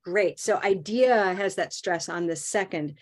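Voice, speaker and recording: Encouraging woman teaching English pronunciation. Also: lowish voice. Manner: encouraging, models phrases slowly and clearly. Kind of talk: online class coaching. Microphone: video call.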